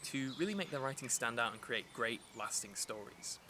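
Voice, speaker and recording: This casual poetry lesson comes from a man with a mid-range voice and lively intonation at a normal pace, his explanation loose and chatty with fillers and restarts. Birds and rural surroundings are plainly audible in the outdoor recording, along with background noise.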